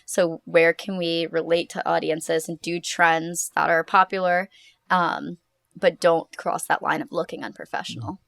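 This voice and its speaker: A young woman co-hosts a podcast in easygoing chat, explaining things with lots of fillers. Her voice sits fairly low, with a fry-laden texture. The sound is dry and close to the mic. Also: steady tone, fairly bright tone, no room sound. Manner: chatty, quick explanations with casual fillers. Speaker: podcast co-host.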